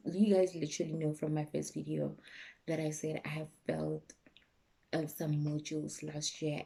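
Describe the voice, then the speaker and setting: Husky low-voiced South African woman. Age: young adult. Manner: candid and emotional, soft and low at times. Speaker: YouTuber. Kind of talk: personal vlog chat.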